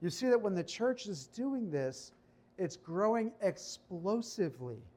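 High-voiced male pastor preaching. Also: big pitch swings, darkish tone. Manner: conversational preaching, reads scripture slowly. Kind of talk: sermon. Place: church.

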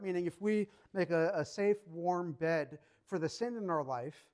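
Guy preaching a sermon, kinda high voice, chatty and emphatic, acts out little quotes. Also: measured pace, a little mellow. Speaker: pastor.

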